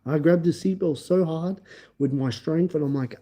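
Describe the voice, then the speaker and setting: A man hosting a livestream, telling a story in an animated, emphatic way and acting out the scenes. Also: on the high side, normal speed. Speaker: livestream host. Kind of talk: casual storytelling.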